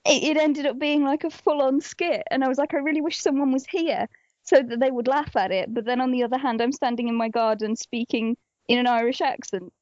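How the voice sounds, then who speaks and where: A woman's voice: high voice, a little fast, dry recording. A young woman co-hosting a podcast, chatting casually and acting out quotes from shows in silly voices. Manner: animated storyteller, acts out quotes in silly voices. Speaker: podcast co-host. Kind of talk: casual chat. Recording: dull lo-fi podcast audio.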